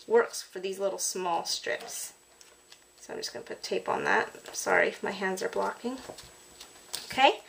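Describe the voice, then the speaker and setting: Lady chatting thru a card making tutorial, lots of ums n sorrys, bit of hiss behind. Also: mid-range voice. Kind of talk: casual crafting tutorial narration.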